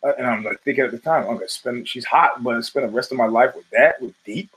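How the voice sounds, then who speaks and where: A man's voice: medium pitch, quick pace, fairly bright tone, rough recording. A middle-aged man hosting a podcast, rambling through profane stories with many restarts. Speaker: podcast host. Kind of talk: casual monologue.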